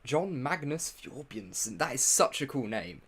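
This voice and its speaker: A young man chats casually on a live stream, greeting viewers by name as he sets things up. His talk is loose and friendly, full of dry, self-mocking asides about his own setup troubles. His voice sits at an ordinary middle pitch. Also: sing-song, unhurried, fairly bright tone, husky. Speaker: livestream host.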